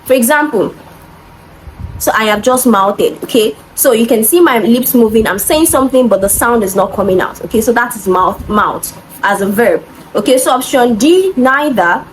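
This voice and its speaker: A fairly high-voiced woman walks students through exam answers step by step. She is patient and methodical, often stopping to check that they follow. A faint hiss of noise sits under her voice. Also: expressive, moderate pace, poor audio. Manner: patient, methodical teaching with frequent "okay?" checks. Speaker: English exam tutor.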